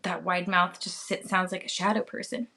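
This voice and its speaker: A woman co-hosting a podcast, chatting casually in an unhurried, hesitant way with many filler words. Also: lowish voice, flat delivery, vocal fry, sharp tone. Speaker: podcast co-host.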